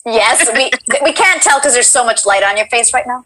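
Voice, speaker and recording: A woman's voice: fairly high pitch, animated, moderate pace, pushed and bright, poor audio. A woman hosting a casual livestream chat, gushing and bubbly as she reads the chat aloud. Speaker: host.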